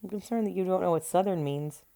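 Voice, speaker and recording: A woman's voice: lowish voice, vocal fry, mellow. A woman co-hosting a casual movie-watching podcast at home, teasing her co-host with dry jokes while she has a cold. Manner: teasing, dry, quick with jokes and mock quotes. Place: living room at home.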